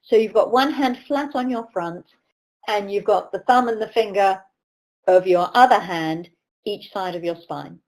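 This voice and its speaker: A middle-aged British riding coach speaks in a webinar lecture. She tells stories in a mid-pitched voice and slips into the voices of the people she quotes. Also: unhurried, a little mellow, low-quality recording. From United Kingdom. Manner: storytelling, acts out quoted voices.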